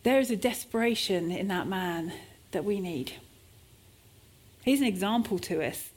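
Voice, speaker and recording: A woman's voice: medium pitch, animated, a little slow, a little mellow, breathy edge. A woman preacher delivering a sermon at a church service, with shifting emphasis as she sometimes acts out desperate cries.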